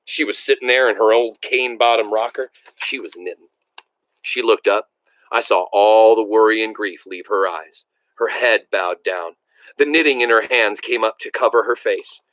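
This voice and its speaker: A man reading a novel aloud in a measured, expressive storytelling manner. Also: fairly low pitch, no echo, low-quality recording. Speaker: reader.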